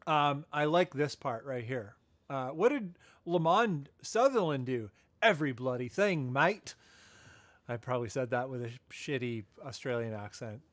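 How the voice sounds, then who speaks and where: A man's voice: medium pitch, lively intonation, normal speed, a bit bright, dry recording. A man hosting a casual live podcast, chatting loosely with lots of fillers and self-corrections. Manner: laughs at his own asides. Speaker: podcast host.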